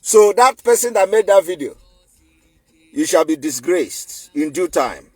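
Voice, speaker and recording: A man's voice: sits high, big pitch swings, a little slow, darkish tone, breathy edge, dry recording, faint music behind. A man with a Nigerian accent giving an emphatic, defiant online commentary, repeating his points for force. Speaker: political commentator.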